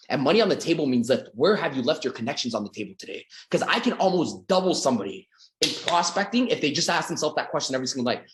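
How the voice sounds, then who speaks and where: A man from Canada giving a motivational sales talk, energetic and acting out little scenes with his voice. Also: fast, reverberant. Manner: energetic, acts out quoted dialogue with big pitch swings. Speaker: sales coach.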